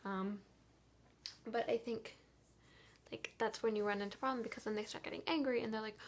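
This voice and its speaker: Young woman vlogger, exhausted, hushed half-whisper, rambling frustrated venting. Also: fairly high pitch, normal speed. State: tired. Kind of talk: casual vlog monologue.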